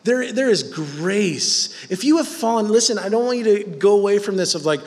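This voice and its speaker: A man's voice: high-pitched, lively intonation, moderate pace, in a large hall. A man preaching a sermon in a conversational, emphatic way.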